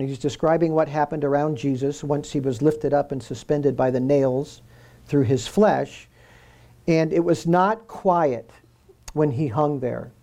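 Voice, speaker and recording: A man's voice: fairly high pitch, gravelly, warm tone. A man preaching a sermon in an earnest way, repeating key phrases for emphasis.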